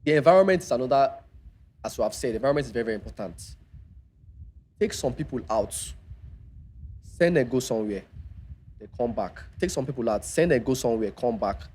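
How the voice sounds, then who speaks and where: A Nigerian man in casual podcast chat, talking deliberately and repeating words for stress. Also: mid-range voice, expressive, a little mellow, a little hiss or hum. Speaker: podcast co-host.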